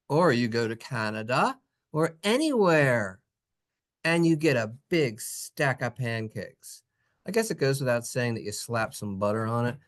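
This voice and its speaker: Brief: playful lesson narrator, singsong and teasing, very lively pitch. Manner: animated, jokey, singsong. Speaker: teacher.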